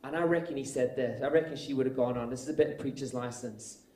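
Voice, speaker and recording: A man preaching a sermon, telling stories earnestly and rising to loud, emphatic peaks. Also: medium pitch, quick pace. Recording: echoey room.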